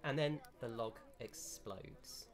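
A man running a tabletop game as game master, narrating scenes in a measured, descriptive way. His voice sits at an everyday middle pitch.

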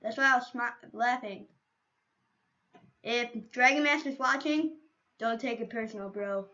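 A woman's voice: on the high side, a little slow, bright, forceful tone, muffled recording. A woman streaming a game, chatting casually to viewers in a playful, rambling way with silly asides, on a computer microphone. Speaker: gaming streamer.

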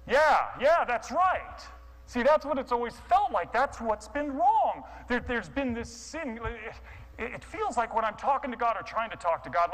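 A man's voice: sits high, a bit bright, long reverb tail, poor audio. Man acting out a sermon story, stammering. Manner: stammering restarts, acting out inner thoughts. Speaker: guest speaker.

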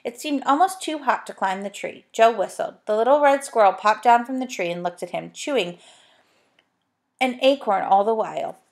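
A woman reading a children's storybook aloud, gentle and chatty, with little asides to the listener. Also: on the high side, lively intonation, moderate pace, gravelly. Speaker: narrator.

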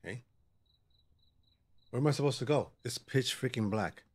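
A man's voice: medium pitch, moderate pace, heavy background noise. A man giving joking, sassy commentary while he plays a horror game, bantering with the characters on screen. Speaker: gaming channel host.

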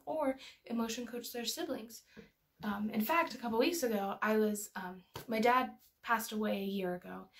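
Earnest young woman explaining parenting. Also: on the high side. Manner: earnest, storytelling with personal anecdotes. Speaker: parenting educator. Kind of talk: personal explanatory talk.

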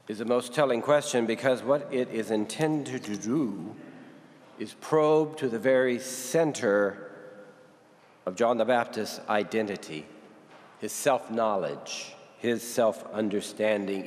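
A man giving a homily at Mass, speaking slowly and deliberately with long pauses and repeated questions. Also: medium pitch. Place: parish church. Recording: reverberant church.

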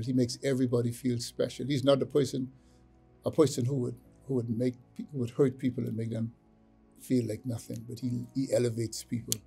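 A man's voice: mid-range voice, vocal fry, warm tone, husky. A man giving a sincere testimonial, earnest and repeating himself for emphasis. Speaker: testimonial speaker. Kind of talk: spoken testimonial.

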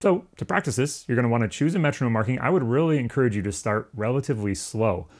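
A man's voice: medium pitch, lively intonation, fast, darkish tone. A man teaching a music lesson in a casual, explanatory way, now and then singing rhythms on syllables. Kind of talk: instructional lesson.

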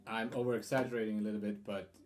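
A man's voice: fairly low pitch, flat delivery, racing. A man giving a guitar lesson, explaining rhythm in a hesitant way with fillers and restarts. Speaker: guitar teacher.

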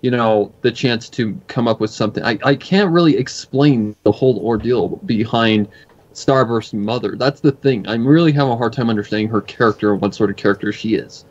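A young man in his twenties chats loosely as he comments on a cartoon, rambling and cursing casually. His voice sits at an ordinary pitch. The recording sounds dull and lo-fi. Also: fairly quick. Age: 20s. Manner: rambling, swears often. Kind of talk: casual reaction chat.

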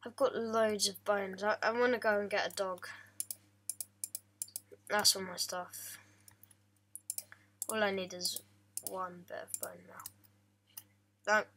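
A woman's voice: medium pitch, level tone, slow, pauses often, fairly bright tone, a little hiss or hum. A young woman casually commenting on her own gameplay, joking, chatty and playful, chatting to the animals in the game. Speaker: gaming vlogger.

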